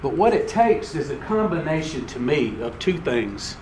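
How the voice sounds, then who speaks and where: A man's voice: a little high, sing-song, normal speed, darkish tone, slight background noise. A man giving a personal share at a recovery meeting in a folksy, conversational storytelling way.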